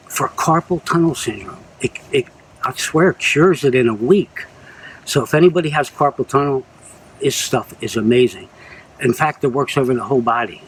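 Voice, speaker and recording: A man's voice: medium pitch, a little hiss or hum, poor audio. A man speaking in a rambling, earnest casual monologue to his viewers. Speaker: vlogger.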